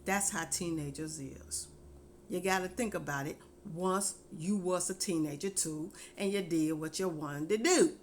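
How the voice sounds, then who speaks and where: A middle-aged woman giving casual, heartfelt parenting advice, earnest and folksy, repeating her points slowly. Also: lowish voice, slight background noise.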